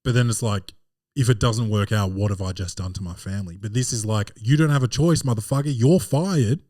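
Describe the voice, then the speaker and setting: Animated, profane male podcast host. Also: fairly low pitch, fast talker, dry recording, studio quality. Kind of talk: comedic film recap.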